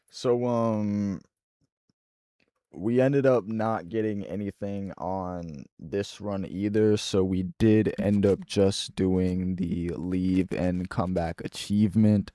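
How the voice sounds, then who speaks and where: A man's voice: lowish voice, fairly even intonation, slow pace, mellow, dry recording, studio quality. A man giving casual, laid-back gameplay commentary with slangy asides as a gaming YouTuber.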